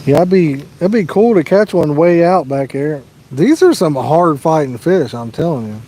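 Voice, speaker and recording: A man's voice: fairly high pitch, expressive, normal speed, dark tone, slight background noise. A Midwestern American man hosting a fishing livestream outdoors by a lake, chatting casually and answering viewers' questions. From Midwest USA.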